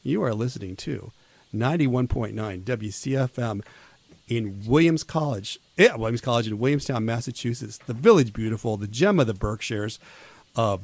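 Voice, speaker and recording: A man's voice: mid-range voice, expressive, normal speed, creaky, a little mellow, dry recording. A man in his fifties hosting a college radio show, telling stories in a loose, rambling way with many restarts. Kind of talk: casual on-air chat. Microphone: studio microphone.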